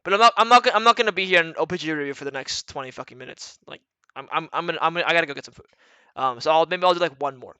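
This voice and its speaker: A man's voice: on the high side, racing, sharp tone, clear, resonant tone, no echo. A man giving blunt, profane, rambling coaching talk to viewers in a casual livestream chat. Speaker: retired pro gamer coaching viewers.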